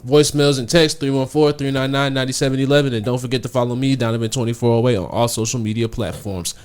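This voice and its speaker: A man with a St. Louis accent hosts a casual podcast chat. He talks in a relaxed, slangy way and plugs the show with easy confidence. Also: mid-range voice, fast, clear, resonant tone. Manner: laid-back, hypes the show with slang. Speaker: podcast host.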